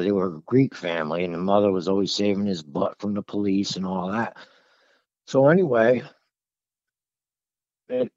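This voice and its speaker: A man telling a personal story in a casual, animated, conversational way to a host. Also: mid-range voice, no echo. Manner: animated, conversational, working-class phrasing. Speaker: guest telling his encounter. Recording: dull lo-fi call audio.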